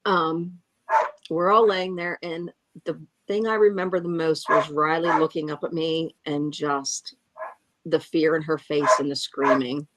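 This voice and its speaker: A woman giving a halting, emotional eyewitness account, often breaking off and restarting. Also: sits low, fairly even intonation, background noise. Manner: angry and frustrated. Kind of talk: emotional first-hand account.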